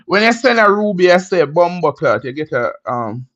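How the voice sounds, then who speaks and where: A man's voice: high voice, sing-song, moderate pace, fairly bright tone. A man hosting a casual livestream, greeting viewers in a laid-back way with Jamaican slang. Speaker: livestream host. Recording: dull lo-fi stream audio.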